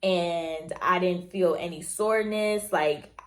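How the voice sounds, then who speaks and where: A woman's voice: lowish voice, slow. A young woman in nursing school chatting candidly to camera, acting out little quoted exchanges as she tells her story. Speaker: nursing student vlogger. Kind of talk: casual chat to camera.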